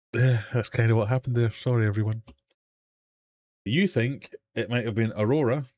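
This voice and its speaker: A man's voice: mid-range voice, steady tone, unhurried, pauses often, a little mellow. A man hosting a casual live stream from his fish room, rambling and self-deprecating as he chats and runs a quiz. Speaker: host of a live fishkeeping hangout stream.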